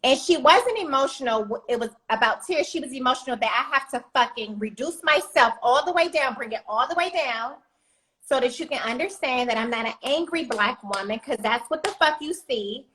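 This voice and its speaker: A woman's voice: high voice, lively intonation, normal speed, fairly bright tone, poor audio. A woman co-hosting a casual talk show, blunt and fiery as she speaks her mind. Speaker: co-host.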